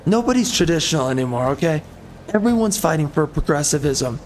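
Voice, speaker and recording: Heated, ranting man, slightly high voice. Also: animated, a little fast, darkish tone, a little hiss or hum. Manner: heated, emphatic, repetitive ranting. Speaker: gaming commentator. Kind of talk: ranting commentary over gameplay.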